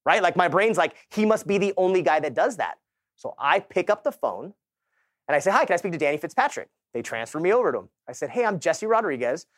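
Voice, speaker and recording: A man's voice: high voice, fast, no room sound, clean studio sound. A man in his thirties from Southern California giving a motivational sales talk, telling his story in casual, slangy words and acting out the people in it. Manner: animated storytelling, acts out quoted people. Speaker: keynote speaker.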